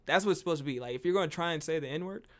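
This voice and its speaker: Fast-talking chatty comedian man. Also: a little high. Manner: fast, animated, peppered with "you know what I mean". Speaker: comedian, podcast co-host. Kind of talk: casual podcast chat.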